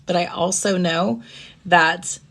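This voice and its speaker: A woman with a somewhat low voice hosts a live-streamed personal talk. She speaks reflectively, dropping quieter in tender stretches. She keeps checking in with her listeners by asking "right?". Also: steady tone, takes it slowly, creaky. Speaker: host.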